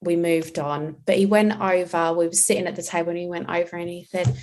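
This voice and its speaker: A woman with a fairly low voice hosts a relaxed podcast conversation. She speaks earnestly and reflectively, as a mother talking through her own parenting. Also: a little fast. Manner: earnest and reflective, acting out quoted lines.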